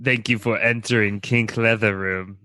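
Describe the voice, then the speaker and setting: A man voicing a deep, slow-talking, vampire-like male lover in a kinky comedy ad bit, with an odd put-on accent. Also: steady tone, pushed and bright, dry recording. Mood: sultry.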